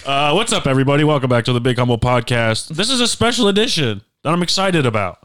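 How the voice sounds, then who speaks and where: Teasing male podcast host, clear voice. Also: mid-range voice, lively intonation, fast, fairly bright tone, no echo, studio quality. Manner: teasing, joking. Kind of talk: casual chat.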